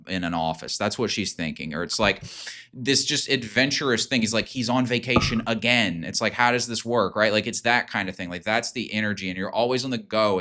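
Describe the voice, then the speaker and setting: A man's voice: fairly low pitch, sharp tone. A man hosting a self-improvement video, talking in a casual, rambling and emphatic way, full of fillers and swearing. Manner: rambling, filler-heavy, profane; emphatic, hyping. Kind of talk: casual unscripted monologue.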